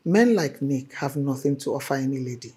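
A woman's voice: a bass voice, expressive, fairly quick, dark tone, slightly rough, heavily acted. An actress with a Nigerian English accent playing a stern, wealthy mother who lectures her daughter about men.

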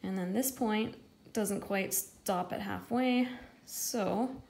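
A woman's voice: medium pitch, slow, creaky, darkish tone. A woman painter talking casually through a how-to, chatty and jokey, thinking aloud as she works through the math. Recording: echoey room with faint ambience.

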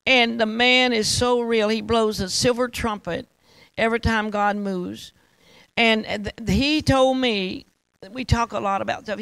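A woman's voice: on the high side, vocal fry, fairly bright tone, no room sound, poor audio. A woman preacher telling a testimony in a rambling, fervent sermon that repeats itself.

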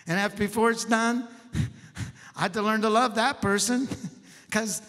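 A male pastor preaches a storytelling sermon in a folksy, animated manner, laughing often. His voice sits high. A long church-hall echo follows his words. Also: unhurried, long pauses.

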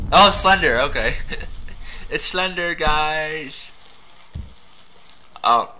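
A man's voice: fairly high pitch, big pitch swings, measured pace, long pauses, background noise. A young man giving casual let's-play commentary, laughing often, swearing and yelping at surprises in the game. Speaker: gameplay commentator.

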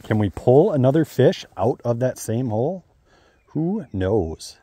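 A man, an outdoor vlogger talking excitedly to viewers while fishing on a riverbank. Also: medium pitch, unhurried, slightly rough, no room sound. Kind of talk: excited outdoor narration to camera.

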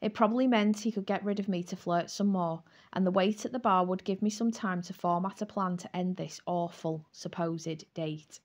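A woman's voice: fairly low pitch, moderate pace, hardly any pauses. Woman reading a first-person romance novel. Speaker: audiobook narrator.

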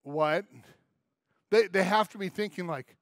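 A male pastor delivers a sermon in a high-pitched voice. He tells it in an animated, storytelling way, acting out the puzzled reactions of his listeners. The sound is close and dry, with no room echo. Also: unhurried.

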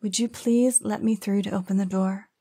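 A man voicing a frightened but firm young woman in an audiobook, speaking softly and carefully. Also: steady tone, normal speed, husky, no echo, clean studio sound. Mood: polite. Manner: soft raised pitch, careful pleading delivery. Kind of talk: audiobook character voice.

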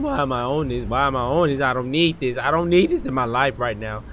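A man giving slangy, excitable live commentary on a horror game as a gaming streamer. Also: mid-range voice, fairly quick, few pauses, a little hiss or hum. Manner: excitable, slangy, yelling when startled.

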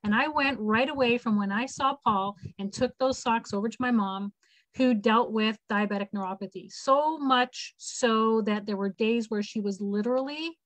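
A woman in her fifties hosts an online information session over a video call, sharing a personal story in an earnest, heartfelt, casual way and acting out the lines of people she quotes. Her pitch is fairly high and her pace moderate, with no echo but poor audio quality.

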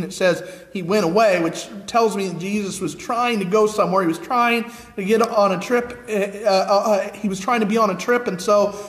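American guy preaching, fairly high voice, earnest, big roomy church echo. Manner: earnest, asks the congregation repeated questions. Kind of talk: sermon. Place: church sanctuary with nearly empty pews. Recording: echoey church hall.

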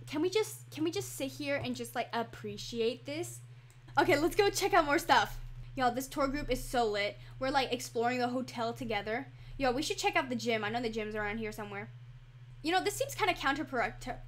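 A woman chatting casually over her computer mic while touring a game, excitable and full of fillers. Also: high voice. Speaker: gaming channel host. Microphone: computer microphone.

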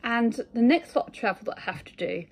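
A woman's voice: on the high side, lively intonation, fairly quick. Woman from England, middle-aged, chatty phone vlog, rambling with fillers. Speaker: vlogger. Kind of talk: casual monologue to camera.

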